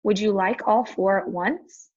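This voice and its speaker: A woman voicing an eager, brave young boy in a storybook reading, earnest and often hushed. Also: mid-range voice, fairly even intonation, a little slow, slightly rough, muffled recording.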